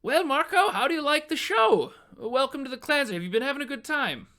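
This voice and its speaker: Guy putting on a big cheery mayor, high and booming, bright clear tone. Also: sing-song, brisk, full character voice. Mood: jovial. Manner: jovial, booming welcome. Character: hearty small-town male mayor hosting a feast.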